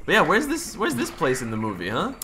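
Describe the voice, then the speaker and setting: A woman casually commentating a video game she plays, joking and sometimes shouting names in put-on voices. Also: deep voice, a little hiss or hum. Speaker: let's play co-host.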